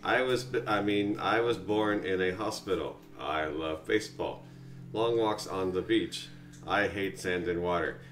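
A man's voice: sits low, a little slow, fairly bright tone, a little hiss or hum. A man playing an android pretending to be human, stiffly correcting itself mid-word. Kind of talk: character introduction in a board game. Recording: echoey room, voice from a distance.

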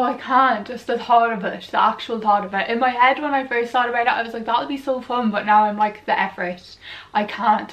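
A woman's voice: on the high side, fairly bright tone. A woman, chatting bubbly and casually as a fashion vlogger, swearing now and then. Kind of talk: casual chat to camera. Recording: echoey room, mic at a distance.

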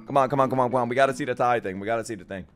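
A man hosting an anime reaction, talking excitedly and profanely, often bursting into shouts and laughter. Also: medium pitch, very fast, smooth. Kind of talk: live anime reaction commentary. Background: anime soundtrack music.

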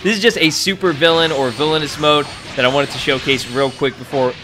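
A young man giving excitable, profanity-laced commentary over his gameplay, laughing often. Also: fairly high pitch, brisk, over music. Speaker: gaming YouTuber.

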